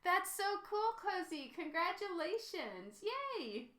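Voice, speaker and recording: A woman's voice: very high voice, sing-song, takes it slowly, pushed and bright, reverberant. Giggly woman chatting with stream viewers. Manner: giggly, chatty, reads chat aloud. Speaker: artist streaming while drawing. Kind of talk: casual chat with live-stream viewers.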